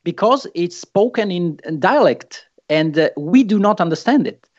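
Italian man guest, higher voice, hesitant fillers, dull lo-fi sound. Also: lively intonation. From Italy. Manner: halting, many fillers and restarts. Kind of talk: podcast conversation.

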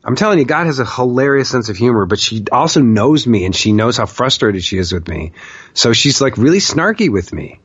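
A man's voice: medium pitch, very animated, fairly quick, husky, dry recording, highs cut off. A man casually telling a long personal story, swearing freely and often saying "like.". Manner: candid, profane, with frequent "like" fillers.

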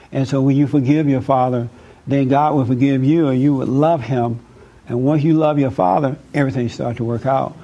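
A man's voice: medium pitch, warm tone, highs cut off. A man giving spiritual counseling in an emphatic, preachy way, repeating words for stress.

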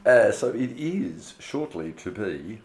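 A man's voice: lowish voice, big pitch swings, slow. A man hosting his own audio show, chatting loosely through a month in review, laughing often and swearing casually. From Australia. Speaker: podcast host.

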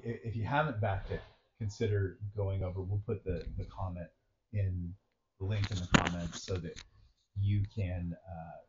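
Low-voiced man rambling sardonically. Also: darkish tone. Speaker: podcast co-host. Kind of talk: casual political chat. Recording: dull lo-fi sound with faint noise.

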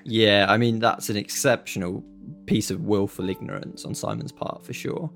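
Low gravelly dude on a podcast, quick reactions. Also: male voice, a bit bright, soft background music. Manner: reacting with short interjections, analytical. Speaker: podcast co-host. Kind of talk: casual chat.

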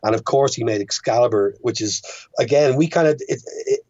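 A man's voice: medium pitch, a little fast, a little mellow, dry recording, lo-fi sound. A young Irish man, a filmmaker, chatting casually as a podcast guest and rambling with frequent restarts. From Ireland. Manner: rambling, many restarts and stammers.

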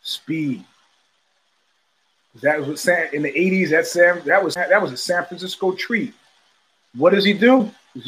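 A man's voice: a little high, expressive, moderate pace, long pauses, a bit bright, slight background noise. An older man hosting a casual talk show, rambling through stories and acting out the voices of people he quotes. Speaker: podcast host. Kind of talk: casual storytelling chat.

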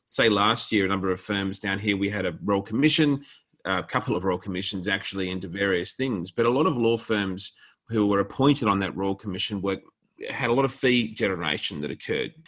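An Australian man, a law firm director, explaining his views in a measured, deliberate way during a podcast interview. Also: on the low side, a bit bright.

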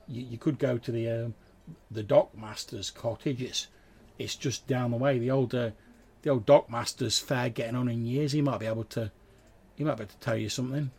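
A man voicing a young local lad who talks in a rambling, halting way. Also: mid-range voice, fairly even intonation, a little mellow, husky. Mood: chatty.

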